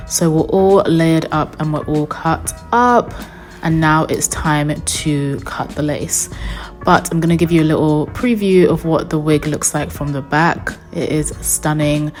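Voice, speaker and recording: A woman's voice: low voice, fairly even intonation, a little slow, darkish tone, faint music behind. A young woman narrating a wig install tutorial as a voice-over, chatty and upbeat, talking straight to her viewers. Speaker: beauty vlogger.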